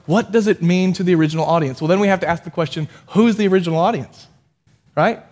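A man's voice: high-pitched, quick pace, a little mellow. A man preaching a casual, conversational sermon as a pastor, self-deprecating and prone to restarting his sentences.

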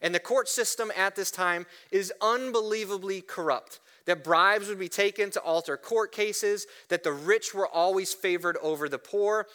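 Bright, high-voiced preaching man. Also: moderate pace, few pauses, clean tone. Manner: animated preaching with frequent restarts and "right?" asides. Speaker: pastor. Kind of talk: sermon.

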